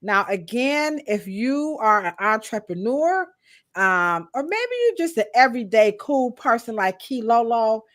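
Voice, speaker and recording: Woman, podcast co-host, high-pitched, bright, lively, slangy, greets the chat. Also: measured pace. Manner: casual, slangy American speech. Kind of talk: live-stream podcast chat.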